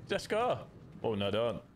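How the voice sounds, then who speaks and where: A Yorkshire man streams a video game while chatting casually, joking and stumbling over restarts. His mid-range voice swings widely in pitch, he takes his time, and there's a little hiss or hum.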